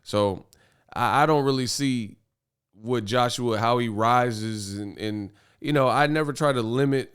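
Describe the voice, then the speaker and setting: A man's voice: medium pitch, fairly bright tone, clear, resonant tone. A man hosting a boxing commentary vlog, talking in an emphatic, rambling way and repeating his punchlines. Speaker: boxing commentary channel host.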